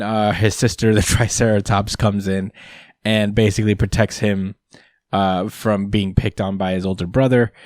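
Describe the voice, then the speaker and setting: A man's voice: fairly low pitch, no room sound, studio quality. A man hosting a podcast, recapping a comic chapter in casual chat, rambling with many fillers and frequent chuckles. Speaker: podcast host.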